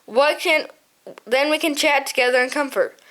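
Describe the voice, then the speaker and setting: A woman's voice: high-pitched, normal speed, fairly bright tone. A woman voicing a pompous, boastful male snowy owl captain in a storybook reading, huffy and haughty. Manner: huffy, haughty, laughs at others.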